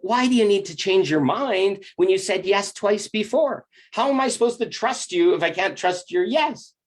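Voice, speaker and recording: Speaking at normal speed with lively intonation, this high-sitting male voice belongs to a spiritual relationship coach. His confessional talk on relationships is blunt and intense, laced with swearing, yet earnest and emotionally open.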